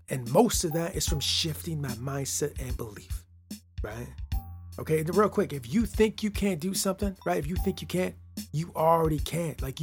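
A man hosting a motivational podcast, talking straight to the listener, often tagging lines with "right?" and swinging from loud emphasis to quiet asides. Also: on the high side. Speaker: podcast host.

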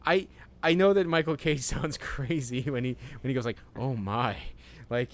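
A man co-hosting a casual podcast, rambling in halting bursts, swearing freely and laughing often. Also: a little high. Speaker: podcast co-host. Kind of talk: casual chat.

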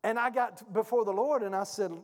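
A man preaching a sermon as pastor, with a call-and-response delivery that swings from hushed to shouting. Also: high-pitched, fairly even intonation, fast talker. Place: church sanctuary. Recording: long hall reverb.

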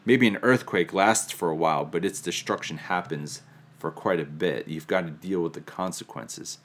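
A man's voice: low-pitched, moderate pace, a little hiss or hum. A man preaching a sermon, teaching reflectively with touches of humor. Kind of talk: sermon on scripture.

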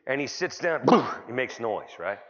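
A middle-aged man doing a stand-up comedy set at a conference, telling rambling stories full of restarts and sudden loud bursts. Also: very animated, a little slow. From California. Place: conference hall. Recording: dull, boomy conference hall recording.

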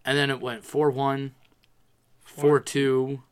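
A man in his twenties telling a sports story in casual chat, animated and profane, often quoting himself. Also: mid-range voice, slow, smooth.

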